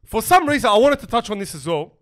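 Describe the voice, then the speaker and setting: Young man, rapid excitable rambling, high voice. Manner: excitable, rambling storyteller, swears freely. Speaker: podcast co-host. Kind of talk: casual chat.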